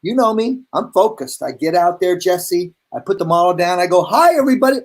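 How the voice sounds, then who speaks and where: A man hosting a casual video-call chat, telling stories with lively acted-out bits. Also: sits high, normal speed. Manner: animated storyteller, acts out voices in his anecdotes. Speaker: host, hair educator.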